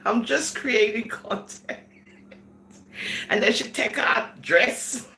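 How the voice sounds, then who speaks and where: A woman's voice: a little high, slow pace, vocal fry, bright, forceful tone, slight background noise. A woman vlogger giving casual commentary, giggling between sentences and slipping into Caribbean-style phrasing. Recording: echoey room.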